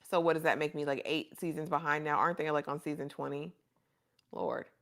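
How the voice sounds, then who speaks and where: With a low, fairly bright voice and fairly even intonation, this woman talks a little fast. She runs a casual livestream where she chats, reads comments, and affectionately addresses viewers as honey and baby.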